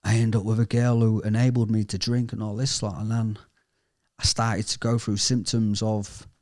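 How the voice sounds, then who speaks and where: A man giving a candid, emotional personal testimony in an interview, speaking haltingly and often trailing off quietly. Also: lowish voice, little pitch movement. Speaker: interviewee sharing a recovery story.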